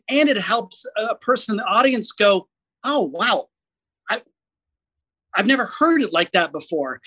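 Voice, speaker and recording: A middle-aged man telling a story as a podcast guest, lively and self-deprecating. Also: high-pitched, dry recording, rough recording. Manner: animated, self-deprecating storyteller acting out quotes. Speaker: guest, comedy skit writer.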